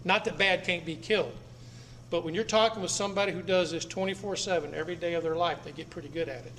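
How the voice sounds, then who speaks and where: Blunt high-voiced man lecturing a crowd. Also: fast, a bit bright. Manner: blunt, emphatic, repeats phrases for effect. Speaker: speaker addressing an audience. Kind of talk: public talk to a live audience. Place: meeting room with seated audience. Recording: echoey room, faint background noise.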